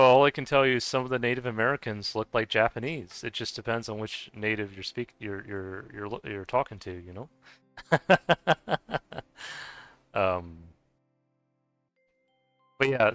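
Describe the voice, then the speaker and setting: Young male streamer, casual rambling chatter, bright tone, dry close mic. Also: medium pitch, clear, resonant tone, no room sound. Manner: rambling, chatty, frequent fillers and restarts, laughs often. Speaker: gaming livestream host. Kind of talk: casual chat with live viewers.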